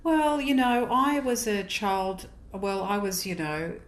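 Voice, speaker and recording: A woman's voice: medium pitch, slow, low-quality recording. A woman in her forties with an Australian accent, chatting casually as a radio guest, laughing easily and filling with "um". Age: 40s. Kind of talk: casual radio interview chat.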